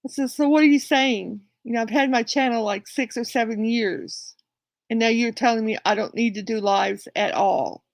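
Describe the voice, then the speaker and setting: Woman streamer rambling thru a story, bit high voice, real dry close sound. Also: steady tone, normal speed, no room sound. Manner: chatty, retells quarrels acting out both sides; rambling with frequent restarts. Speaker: livestream host. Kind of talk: casual storytelling to viewers.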